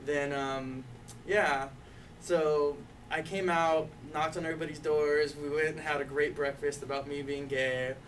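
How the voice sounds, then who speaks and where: A young adult man, a youth activist intern, tells his own coming-out story casually, full of "like," "you know," and light laughs. His voice is on the high side, level in tone, fairly bright, and a little slow. The mic is distant, with faint background noise.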